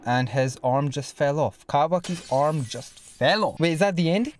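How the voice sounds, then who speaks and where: Speaking into his desk mic with faint music in the background, this anime reaction host has a slightly high voice and a normal pace. What starts as live commentary breaks into excited yelling and stunned stammering.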